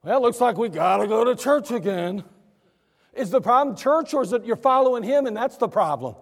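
High-voiced preaching man, echoey church. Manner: animated preaching, asks and answers his own questions. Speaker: pastor. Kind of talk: sermon. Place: church sanctuary.

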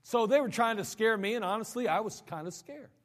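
Male preacher, high-pitched, dramatic sermon delivery with repeated words, long reverberant hall. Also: lively intonation, a little fast. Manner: dramatic preaching, sudden drops to low quiet lines; repeats words when building a point.

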